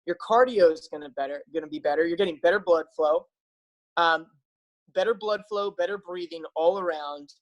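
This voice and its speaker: A man with a slightly high voice speaks at a moderate pace, and the recording has its highs cut off. He's a health practitioner talking enthusiastically to camera, casual and eager with viewers, upbeat, persuasive, and full of fillers.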